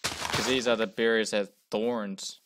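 A young man casually commenting on his own gameplay, jumpy and talking himself through his fear, going from quiet muttering to loud yells. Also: on the low side, little pitch movement, measured pace, noisy background. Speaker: gamer playing a first session. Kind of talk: casual let's-play commentary.

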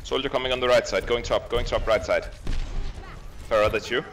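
A man giving steady tactical callouts and jokes over game voice chat. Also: mid-range voice, fairly quick. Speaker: teammate. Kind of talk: gaming voice chat.

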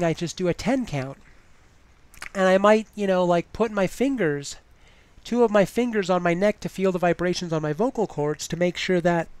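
A woman's voice: medium pitch, a little mellow, dry recording. A woman giving advice in a casual vlog, chatty and full of "you know" fillers.

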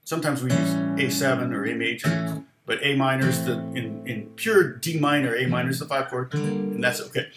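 A man's voice: medium pitch, moderate pace, roomy sound. A man around sixty, a guitar teacher chatting loosely through a songwriting lesson, rambling and laughing often. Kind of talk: casual music lesson chat.

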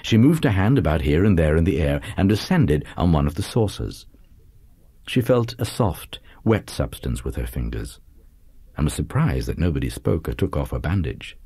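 A man narrating a literary audiobook in a measured, lively reading. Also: extremely low pitch, husky, no room sound.

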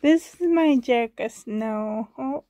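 A woman chatting casually in her home bedroom, soft-spoken and doting, often dropping into a whisper, filming on a handheld camera. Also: fairly high pitch, takes it slowly, dry recording. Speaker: doll collector vlogger. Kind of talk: casual show-and-tell chat.

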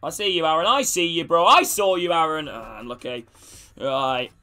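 A man's voice: fairly high pitch, expressive, moderate pace, pushed and bright, soft background music. A young man streaming a football video game, greeting his chat and geeing up his teammates, with casual swearing. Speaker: gaming streamer. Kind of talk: live gameplay chat with viewers.

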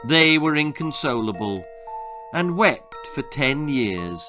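A man's voice: mid-range voice, sing-song, slow, over music, low-quality recording. A man reading his own darkly comic children's story aloud, relishing the grisly turns in a storybook narration.

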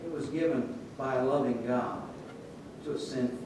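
A man preaching a sermon in a relaxed, conversational way, telling stories and acting out the voices in them. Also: normal speed. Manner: conversational storytelling with quoted voices. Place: church sanctuary. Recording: echoey church room, distant mic, faint rumble.

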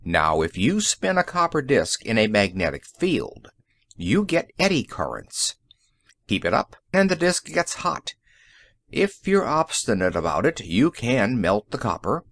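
A man reading the part of a calm, cheerful inventor in an audiobook, explaining things in a matter-of-fact way. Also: medium pitch, unhurried, no echo, clean studio sound, full character voice.

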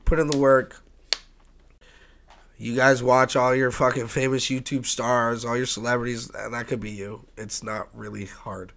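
Young guy on a podcast, swears a lot, goes from quiet to loud laughing stories. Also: mid-range voice, normal speed. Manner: animated storyteller, swears freely, swings from soft to loud laughing bursts. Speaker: guest, music producer and tattoo artist. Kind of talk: casual podcast chat.

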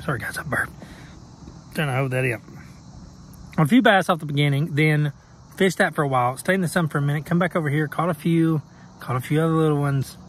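A man's voice: medium pitch, a bit bright. A man, rambling casually to his viewers while fishing outdoors on a camera. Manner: laid-back, rambling, talks to viewers. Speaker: fishing vlogger. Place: outdoors on the water. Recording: faint outdoor noise.

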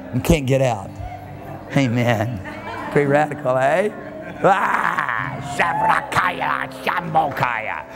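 A man's voice: medium pitch, animated, slow pace, vocal fry, pauses often, music in the background, crowd noise. A man preaching a sermon at a church service, fervent and emphatic, stretching out key phrases. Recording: echoey church hall with faint noise.

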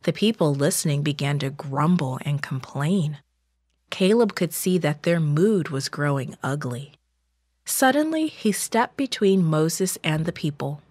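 Woman narrator, kids' Bible story, unhurried and lowish, dry close sound. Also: expressive, dry recording. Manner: slow, measured, gentle reading.

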